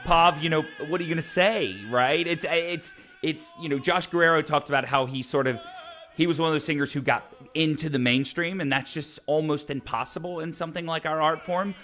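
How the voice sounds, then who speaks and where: Bright-voiced chatty male opera show host. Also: on the high side, steady tone, fairly quick, faint music behind. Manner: chatty and enthusiastic, many fillers and restarts. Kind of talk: casual direct-to-camera talk. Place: hot room at home. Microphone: camera mic with ring light.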